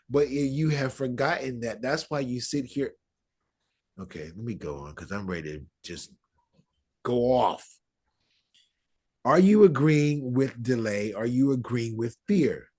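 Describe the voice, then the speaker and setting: A man's voice: medium pitch, expressive, normal speed, darkish tone, husky. A man teaching a live class on spiritual ideas, talking in a conversational way, checking in with his listeners and acting out everyday quotes. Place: room with a live audience.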